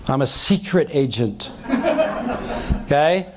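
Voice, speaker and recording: Slow and expressive, with a fairly high pitch, a man leads a sales seminar as a crowd is heard in the background. The trainer plays out the dialogue he's describing and checks in with his live audience again and again.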